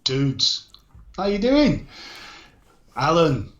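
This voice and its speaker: A man's voice: a little high, wildly swooping pitch, drawn-out words, fairly bright tone. A man hosting a casual livestream, jovially greeting viewers by name. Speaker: show host. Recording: echoey, dull online call audio.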